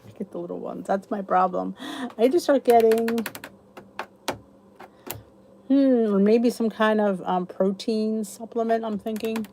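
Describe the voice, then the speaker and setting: A middle-aged woman with a warm, mellow voice hosts a relaxed livestream from a cozy room at home. She chats freely, greets viewers by name, and reacts to their comments. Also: fairly high pitch, measured pace, long pauses, a little hiss or hum. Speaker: host of a live weight loss chat. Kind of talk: casual livestream chat.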